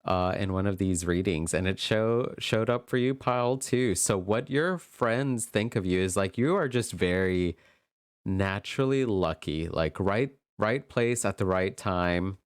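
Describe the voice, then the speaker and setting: A man giving a gentle, affirming pick-a-card tarot reading, tearful and emotional as he talks. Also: lowish voice, animated, unhurried, smooth, no echo, clean studio sound. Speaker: tarot reader.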